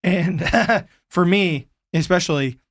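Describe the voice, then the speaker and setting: A man's voice: sits high, slow pace, no echo, studio quality. A man hosting a podcast, affirming his guest and talking with many restarts and repeated words. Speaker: podcast host. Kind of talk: conversational interview.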